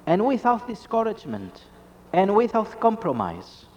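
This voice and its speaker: High-voiced preacher with lively swings. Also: male voice, moderate pace, big-room sound, highs cut off, a little hiss or hum. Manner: emphatic, with rhetorical questions. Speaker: Catholic preacher. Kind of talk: sermon.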